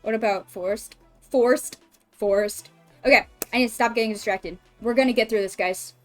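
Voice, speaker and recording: A woman's voice: medium pitch, a little fast, faint music behind. Emotional, swearing woman streamer. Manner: emotional, expressive, swears often. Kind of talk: casual livestream chat.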